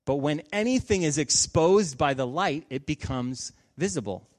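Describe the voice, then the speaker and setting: Higher-voiced man preaching a sermon. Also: expressive, normal speed. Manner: conversational, storytelling with sudden emphatic bursts. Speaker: pastor.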